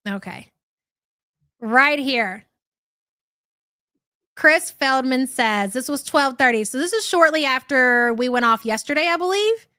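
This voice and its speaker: A woman's voice: sits high, expressive, a little slow, long pauses, pushed and bright, no echo, clean studio sound. A middle-aged woman hosting a live stream, chatting casually and rambling, with frequent profanity.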